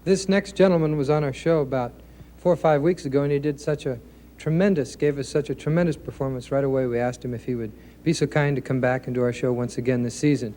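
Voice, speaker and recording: A male television host giving a quick introduction for the next guest. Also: medium pitch, dark tone. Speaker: show host.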